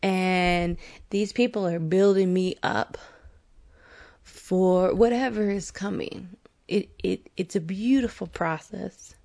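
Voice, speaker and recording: A woman's voice: medium pitch, steady tone, gravelly, darkish tone. A woman in her forties hosting a podcast, speaking in an earnest, candid confessional monologue that is frank and sometimes profane, with bursts of laughter. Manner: earnest, candid, slow and deliberate. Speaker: podcast host.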